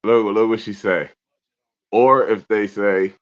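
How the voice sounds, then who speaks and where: A young adult man co-hosting a casual talk show, animated and profane, reading out comments from viewers. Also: lowish voice, slow. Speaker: podcast co-host. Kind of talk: casual chat. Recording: dull lo-fi sound.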